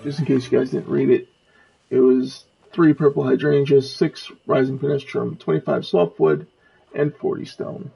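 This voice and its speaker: A man's voice: mid-range voice, little pitch movement, normal speed, gravelly, mellow, slightly rough, low-quality recording. A man streaming a game with casual commentary. He reads the quest text and the characters' lines aloud.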